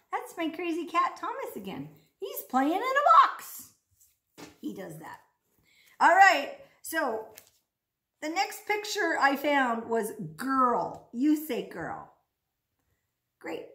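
With a high-pitched, fairly bright voice that swings widely in pitch, a woman speech therapist guides children in a home practice lesson at a measured pace. She sounds playful and exaggerated, sing-song like a teacher, in an echoey room.

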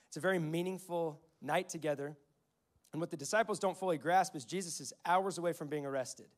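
A man's voice: fairly high pitch, a little fast. A young man in his twenties or thirties preaching a sermon as a pastor, telling stories in a conversational way and quoting scripture. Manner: conversational storytelling, quotes scripture.

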